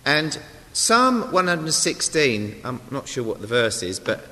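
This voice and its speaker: A man's voice: mid-range voice, big pitch swings, a little slow, bright, forceful tone. A man giving an informal sermon, chatty and self-deprecating, with asides to the congregation. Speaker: lay preacher. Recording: long hall reverb.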